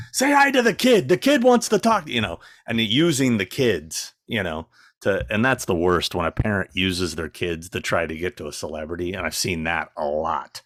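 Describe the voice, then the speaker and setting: A middle-aged man with a very low voice tells stories in a blunt, exasperated way. He is recorded close and dry, with no room sound. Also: a bit bright, no room sound. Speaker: guest. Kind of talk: casual anecdote telling.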